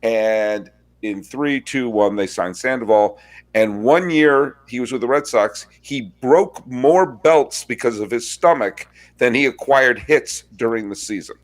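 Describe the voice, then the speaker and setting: A man hosting a sports podcast, chatting casually and telling wry stories with quick asides. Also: medium pitch. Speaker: podcast host.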